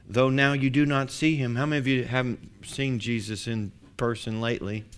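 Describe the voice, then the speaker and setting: Bright-voiced preaching man. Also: mid-range voice, fairly even intonation, normal speed, smooth. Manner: preaching with rising emphatic declarations. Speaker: pastor. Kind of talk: sermon.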